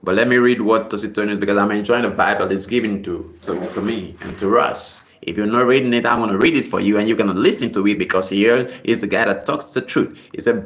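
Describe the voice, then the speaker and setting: A man vlogging casual commentary, rambling and repeating himself as he swings from low muttering to sudden high exclamations. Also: quick pace, few pauses, fairly bright tone.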